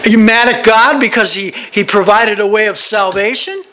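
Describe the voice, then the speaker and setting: A man's voice: sits high, moderate pace, pushed and bright, a little hiss or hum. A man teaching a Bible study in a conversational way. He is digressive and often restarts and repeats words.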